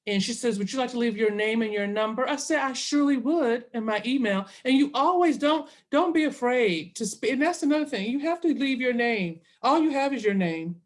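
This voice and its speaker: Animated woman telling a story. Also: a little high. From Southern US. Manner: animated, quotes herself and others in dialogue. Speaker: interviewee. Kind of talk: casual storytelling.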